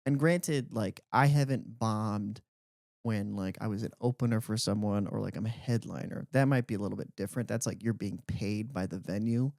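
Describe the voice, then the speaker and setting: A young man co-hosting a podcast, telling stories in a casual, animated way with lots of "like". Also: fairly low pitch, moderate pace, creaky, dry recording, clean studio sound. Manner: animated storyteller, heavy use of "like". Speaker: podcast co-host. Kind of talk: casual chat.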